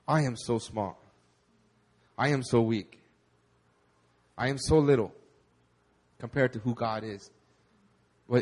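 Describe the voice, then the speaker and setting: A man preaching a sermon at a church service, animated and repeating words for emphasis. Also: medium pitch. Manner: animated, acts out quoted voices, repeats words when stressing. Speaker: pastor.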